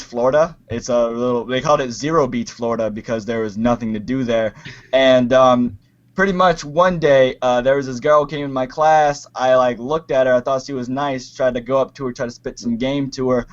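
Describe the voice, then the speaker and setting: A young man telling a long personal story on a call, hesitant with many pauses and fillers. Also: medium pitch, fairly even intonation. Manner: hesitant, many ums, acts out quotes. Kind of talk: casual storytelling. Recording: muffled lo-fi call audio.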